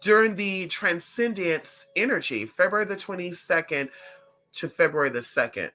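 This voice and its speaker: A vlogger talks straight to the audience about psychic visions, full of sass and constantly calling listeners honey. The tone is very sharp and bright, the pitch sits in the middle, and the delivery jumps from low asides to excited highs. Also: moderate pace. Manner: sassy, calls viewers honey and girl; animated, swings up and down in pitch. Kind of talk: casual chat to viewers.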